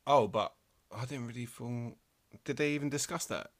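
A young man chats casually about a film, chipping in with jokey asides at a middling pitch. The recording is dry and close, with no room sound. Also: normal speed, dry recording. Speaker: film podcast co-host. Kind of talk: casual film review chat.

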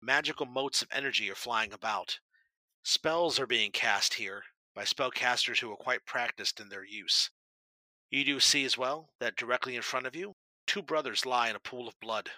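Bright-voiced male game master narrating. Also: medium pitch, moderate pace, no room sound, rough recording. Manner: vivid dramatic narration.

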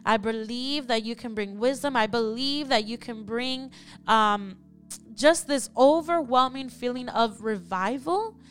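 Young female prayer host, fervent and repetitive, slightly high voice, faint music underneath. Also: unhurried, fairly bright tone. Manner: fervent, repeatedly calling on God between phrases. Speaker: podcast host leading prayer. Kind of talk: spoken prayer.

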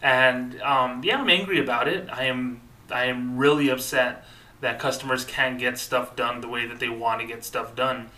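A man's voice: mid-range voice, flat delivery, a little slow, pushed and bright, distant mic, rough recording. A man in his thirties hosting a podcast, talking in an upset, earnest way with many fillers and restarts. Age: 30s. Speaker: podcast host. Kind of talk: personal podcast monologue.

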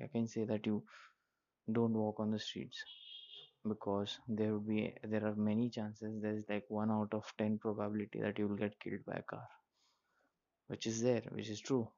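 A low, gravelly man's voice, strained by a sore throat, holds a flat, even tone. He talks slowly and hesitantly, with many fillers and restarts. The recording is dull and lo-fi. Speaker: podcast host. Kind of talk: casual solo monologue.

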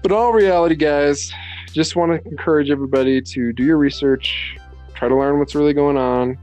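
A man's voice: fairly high pitch, moderate pace, a little mellow, soft background music. A man co-hosting a podcast in easygoing casual chat, often laughing along. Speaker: podcast co-host.

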